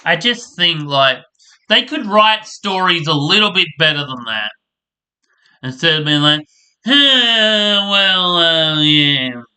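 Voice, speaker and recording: A man's voice: a little high, animated, measured pace, bright, forceful tone. A man casually ranting as he reviews a soap opera, rambling, exasperated and swearing freely.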